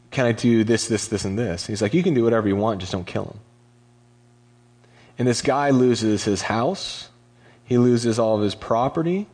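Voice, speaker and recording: A man's voice: medium pitch, darkish tone. A young adult man giving a casual sermon as a pastor, retelling scripture in a conversational way with slangy paraphrased dialogue.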